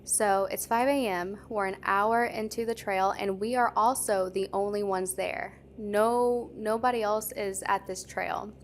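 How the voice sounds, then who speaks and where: Young woman podcast cohost rambling thru a story, says like a lot, mid pitch. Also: steady tone, a little slow, few pauses, slight background noise. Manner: chatty, lots of "like" fillers. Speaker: podcast co-host. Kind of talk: casual storytelling chat.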